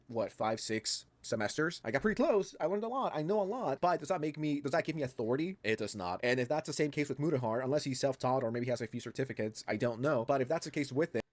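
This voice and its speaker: Very fast-talking exasperated man. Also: medium pitch, expressive, a little mellow, dry recording. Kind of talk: commentary video.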